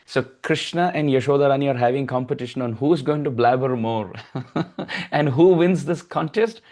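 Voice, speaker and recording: A man giving a devotional storytelling lecture, chanting verses and acting out characters' lines. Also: moderate pace. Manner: animated, acts out mothers' voices in high tones, chants verses. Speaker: preacher.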